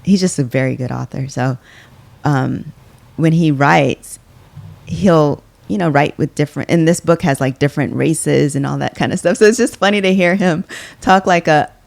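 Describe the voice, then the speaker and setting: Low-voiced woman co-host. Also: normal speed, vocal fry, a little mellow, no room sound. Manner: rambling, restarts sentences. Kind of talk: casual chat.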